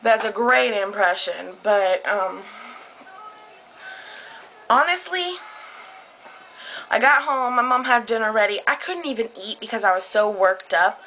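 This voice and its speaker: A woman's voice: on the high side, lively intonation, measured pace, long pauses, sharp tone, a little hiss or hum, poor audio. A young woman telling a heated story into her camera, agitated and swearing a lot. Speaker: vlogger. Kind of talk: casual vlog storytelling. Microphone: camera close up.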